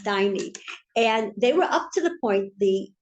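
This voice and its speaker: A woman teaching a Torah class, telling a story in an animated, chatty way. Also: mid-range voice, measured pace, muffled recording.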